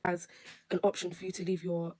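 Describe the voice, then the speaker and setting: A woman's voice: on the low side, monotone, brisk, darkish tone, husky. A woman who works as a nail technician, telling a story on her vlog in a rambling, emotional way with many restarts. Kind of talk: storytime vlog recounting an incident.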